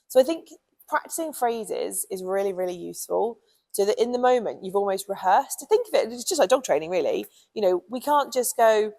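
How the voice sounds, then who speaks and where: A woman's voice: mid-range voice, expressive, brisk, a little mellow, poor audio. A British woman who trains dogs, giving chatty, casual advice with plenty of ums and you knows. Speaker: dog trainer.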